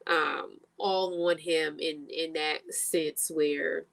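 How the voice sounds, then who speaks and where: A woman's voice: sits low, fairly even intonation, very slow, vocal fry, fairly bright tone. A woman co-hosting a casual review chat over a video call, talking in slangy, chatty bursts and laughing often. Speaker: co-host of a reality show review.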